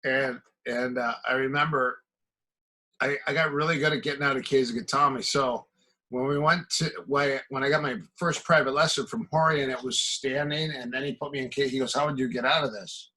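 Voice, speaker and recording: A man's voice: mid-range voice, fairly even intonation, a little fast, sharp tone, rough recording. A middle-aged man from the American Midwest, a martial arts coach telling stories as a podcast guest and acting out quoted exchanges. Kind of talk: casual storytelling.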